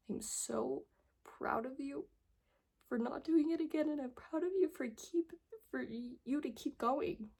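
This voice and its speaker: A young woman speaks straight to her viewers in a personal vlog, tearful and earnest as she pleads with them. Her voice sits a little high but sounds dark, husky and gravelly with fry. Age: young adult. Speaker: vlogger.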